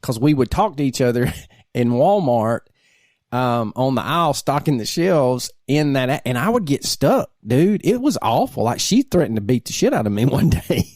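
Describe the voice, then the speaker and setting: A married man co-hosting a laid-back podcast, talking in loose, rambling bursts with a laugh slipping into his sentences. His voice sits at an ordinary pitch, and the recording is close and dry, with no room sound. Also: expressive, moderate pace, a little mellow, no room sound. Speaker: podcast co-host. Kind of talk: casual podcast banter.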